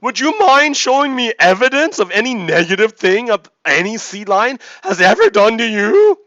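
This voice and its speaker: A man's voice: extremely high pitch, big pitch swings, moderate pace, fairly bright tone, no echo, lo-fi sound, voice pushed up, heavily acted. A man voicing an overly polite, pestering male sea lion who keeps asking questions in a mock-civil tone.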